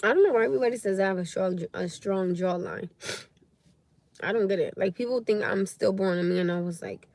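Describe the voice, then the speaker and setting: A woman's voice: medium pitch, a little fast, gravelly, darkish tone, dry recording. A young woman hosting a casual livestream and talking bluntly about relationships while she reacts to viewer comments. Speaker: livestream host. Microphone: phone or webcam livestream.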